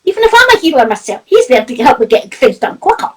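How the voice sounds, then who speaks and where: A woman's voice: sits high, sing-song, fast talker, husky, low-quality recording. A Scottish woman, a spiritual medium, chatting casually and animatedly, laughing often. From Scotland. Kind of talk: casual chat.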